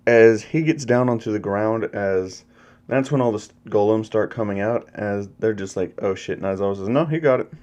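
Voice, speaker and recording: A man's voice: lowish voice, a little mellow. A young man casually narrating a fan story, rambling along and swearing now and then.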